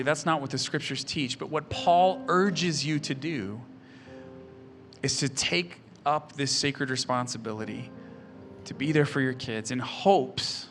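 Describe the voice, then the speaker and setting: Man in his thirties, pastor, earnest sermon, soft-spoken, faint music underneath. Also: mid-range voice. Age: 30s. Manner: earnest, often soft-spoken, with quickening anecdotes. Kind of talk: sermon with personal stories.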